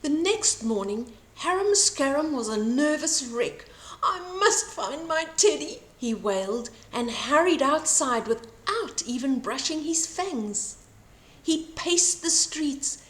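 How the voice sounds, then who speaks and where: An older woman reading a bedtime story aloud for children, slow and expressive. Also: sits high. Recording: roomy echo.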